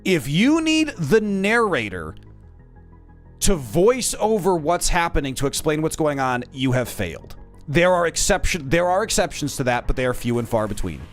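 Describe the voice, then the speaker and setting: A male streamer talks with his viewers in a playful, teasing way, throwing out mock insults as he plays. His fairly high voice swings widely and animatedly between bursts and quieter asides. Faint music plays behind him. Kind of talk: casual live-stream chat with viewers.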